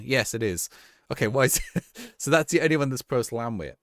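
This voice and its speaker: Young man, live game streamer, lively pitch, dry close sound, rambling chat. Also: quick pace, no echo. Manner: chatty, rambling, laughs easily. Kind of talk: casual gameplay commentary, reading chat.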